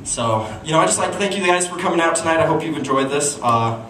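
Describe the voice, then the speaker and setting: A man performing a stand-up comedy story at a small live show, animated and breaking into squeaky voices for his characters. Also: quick pace. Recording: echoey room, distant mic, noisy.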